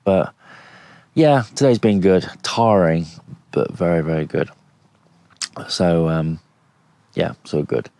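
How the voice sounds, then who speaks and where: A man's voice: low voice, expressive, slow, gravelly, pauses often, warm tone, dry recording. A tired man rambling easily to camera from inside his tent at a campsite, talking with lots of fillers. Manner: rambling, easygoing, many fillers. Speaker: camping vlogger. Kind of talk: casual vlog chat to camera. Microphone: action camera.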